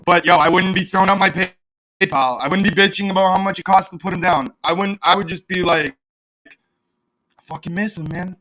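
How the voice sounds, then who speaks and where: Streamer guy ranting at chat, sarcastic and sweary, pretty high bright voice. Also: fast talker. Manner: profane, sarcastic, reads chat aloud. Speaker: livestream host. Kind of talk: casual livestream rant.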